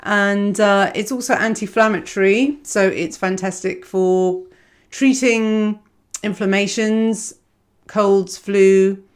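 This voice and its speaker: A woman's voice: medium pitch, steady tone, slow. A woman giving a casual astrology reading, rambling and self-mocking. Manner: rambling, digressive, self-mocking, laughs often.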